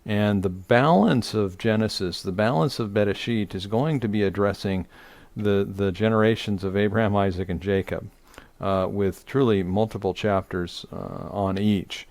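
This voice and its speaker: Low gravelly man teaching Torah. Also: normal speed, darkish tone, dry recording. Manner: unscripted teaching with many fillers and restarts. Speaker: rabbi teaching Torah study. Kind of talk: online Torah study lesson.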